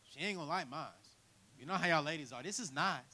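A man preaching a sermon in church, telling his own story with big swings from quiet to near shouting. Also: a little high, fast, poor audio. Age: 30s. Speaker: guest preacher. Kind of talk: sermon with personal testimony.

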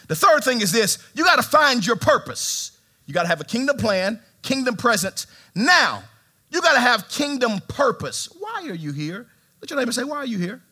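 A man preaching a sermon in a church, animated, with swings from shouts to hushed tones and humor aimed at the congregation. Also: sits high. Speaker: pastor. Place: church sanctuary.

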